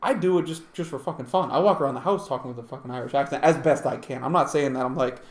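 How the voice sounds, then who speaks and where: A man's voice: medium pitch, fast, echoey room. A man hosting a casual chat, rambling and joking with frequent swearing. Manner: rambling, profane, jokey. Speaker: podcast host.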